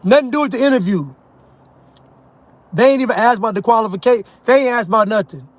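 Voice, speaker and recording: Male commentator, high-pitched, mocking monologue with scoffing laughs. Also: quick pace, dry recording. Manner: emphatic, mocking, laughs at his own points. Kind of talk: ranting monologue.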